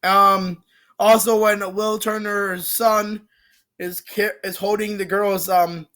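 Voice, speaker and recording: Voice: mid-range voice, flat delivery, slow pace, fairly bright tone. A casual movie reviewer rambling about a film series, with lots of fillers, restarts and casual swearing.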